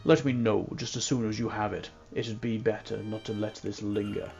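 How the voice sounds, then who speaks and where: A man reading a calm voodoo practitioner with a put-on Irish accent, in a quiet, low, measured voice. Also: gravelly, lo-fi sound, soft background music. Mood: reassuring. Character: calm middle-aged male voodoo practitioner. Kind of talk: reading game dialogue aloud.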